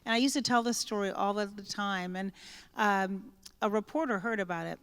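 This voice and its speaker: A woman speaks with a smooth, clean tone at a mid pitch. She is a guest author in an onstage conversation, telling lively anecdotes and acting out the lines of the people in them. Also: normal speed, long reverb tail. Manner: lively anecdotal storyteller who acts out quoted speech.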